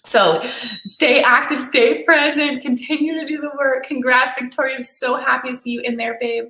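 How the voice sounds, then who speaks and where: A woman's voice: high-pitched, steady tone, moderate pace, sharp tone. Enthusiastic woman coach in an echoey room. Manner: enthusiastic, encouraging, reads viewer comments aloud. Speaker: dating and relationship coach. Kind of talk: live-stream Q&A chat.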